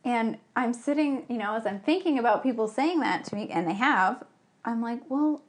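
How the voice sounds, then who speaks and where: A woman co-hosting a podcast in casual chat, speaking calmly and reflectively. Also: fairly high pitch, moderate pace. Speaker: podcast co-host.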